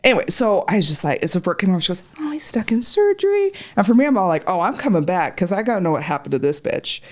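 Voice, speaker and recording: A woman spins a long, profanity-laced story, jumping into the voices of the people in it. Her voice sits a little low but swings widely in pitch as she goes. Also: racing. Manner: profane, animated, acts out voices in quotes. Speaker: podcast guest, patient. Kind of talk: casual storytelling chat.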